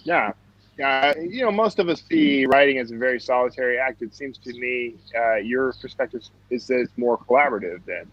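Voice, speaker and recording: A man hosting an interview, asking easygoing, halting questions with a few uhs. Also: medium pitch, expressive, fairly bright tone. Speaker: interview host. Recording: slightly dull lo-fi audio.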